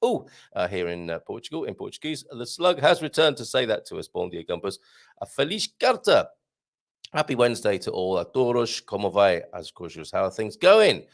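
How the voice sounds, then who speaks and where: This British Isles radio host runs a live show from a small studio, chatting through listener messages and rambling into jokes. His gravelly voice is lowish and sing-song with plenty of rise and fall, delivered at normal speed.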